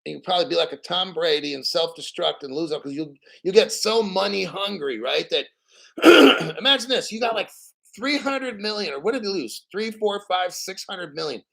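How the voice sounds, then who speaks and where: A hoarse man hosting a livestream, talking in a blunt, profane, rambling way and clearing his throat often. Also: high voice, expressive, normal speed, a bit bright, poor audio. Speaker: livestream host. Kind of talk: casual livestream talk.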